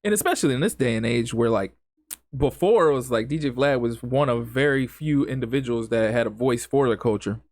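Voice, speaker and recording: A man's voice: medium pitch, brisk, darkish tone, dry recording. A man hosting a solo podcast, speaking in an impassioned, emphatic way with lots of repetition and casual grammar. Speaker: podcast host.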